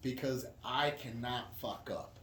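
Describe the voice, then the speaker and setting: A man's voice: medium pitch, takes it slowly, fairly bright tone. Podcast guest, male, candid and profane, faint noise behind him. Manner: profane, rambling, frequent restarts. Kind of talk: casual candid chat. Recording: roomy echo with background noise.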